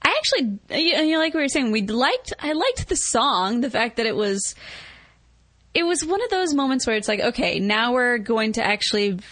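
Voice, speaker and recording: A woman's voice: on the high side, very animated, normal speed, fairly bright tone, dry recording. A woman on a podcast panel, playful and teasing in casual chat about a film. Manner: laughs often, playful and teasing.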